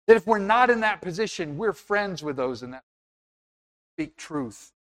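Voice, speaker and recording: A man's voice: high-pitched, lively intonation, normal speed, fairly bright tone. A man preaching a sermon in an earnest, conversational way, now and then acting out little scenes.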